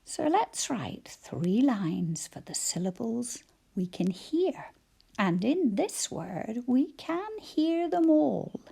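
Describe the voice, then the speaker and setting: A woman teacher slowly sounding out letters and syllables for young children in a phonics lesson, praising them cheerfully. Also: fairly high pitch, sing-song, vocal fry, dark tone, husky. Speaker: primary school teacher.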